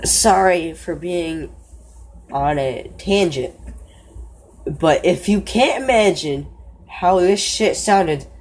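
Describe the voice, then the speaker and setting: A woman narrating a first-person horror story in a slow, low-key way, often stopping to correct herself. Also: expressive, darkish tone.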